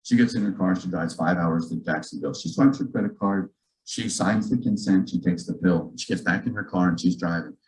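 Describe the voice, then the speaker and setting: A man, a physician, telling a story to a church gathering in a lively, joking way, acting out the dialogue. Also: sits low, a little fast, low-quality recording. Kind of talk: storytelling talk to a church audience. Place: church auditorium.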